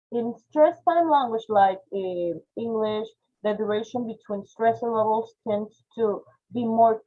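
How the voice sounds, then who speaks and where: A woman with a Spanish accent teaching an online phonetics class, explaining step by step and checking in with "okay?" after nearly every point. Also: a little high. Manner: explanatory, frequent "okay?" check-ins and "eh" fillers. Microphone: video call. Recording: tinny phone-like video call audio.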